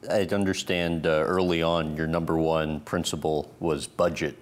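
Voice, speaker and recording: Male interviewer with a very deep voice; brief, measured questions. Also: flat delivery.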